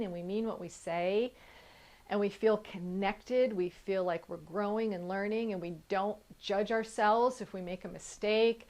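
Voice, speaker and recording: A woman's voice: mid-range voice, a little mellow. A woman life coach giving an earnest, encouraging talk straight to the viewer, sometimes stopping to correct what she writes. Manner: writes on a board while talking, stops to correct herself. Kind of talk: motivational video talk.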